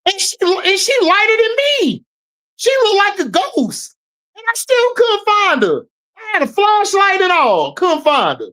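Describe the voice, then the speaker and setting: A woman host riffing through a sports recap, mock-scolding and trash-talking. Her voice is high and leaps all over. She talks slowly, leaning into each jab. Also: big pitch swings, fairly bright tone. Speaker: show host, sports commentator. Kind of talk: casual sports commentary.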